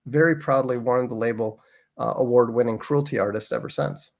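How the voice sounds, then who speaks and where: Male guest, mid pitch, halting and wry, lots of restarts. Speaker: podcast guest. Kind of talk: casual interview chat.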